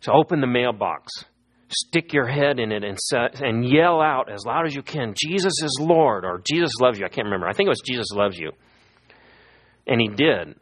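In a mid-range voice at normal speed, a middle-aged man preaches as a pastor, relating lively stories and acting out the voices of those he quotes.

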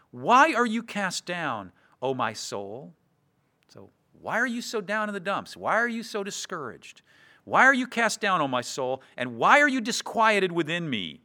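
A man preaching an expository sermon, earnest, slowing down to read scripture verses aloud. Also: on the high side, sharp tone.

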